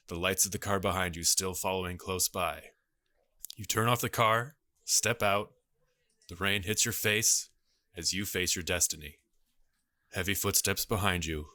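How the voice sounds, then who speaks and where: A man narrates a mock-dramatic tale with deadpan suspense. His voice sits low but has a bright, forceful edge. The sound is dry and close. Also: no echo. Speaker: podcast co-host.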